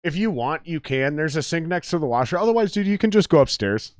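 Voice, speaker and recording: A man's voice: on the high side, expressive, fast talker, no echo, studio quality. A man hosting a casual podcast, arguing his point bluntly and emphatically with lots of swearing. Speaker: podcast host.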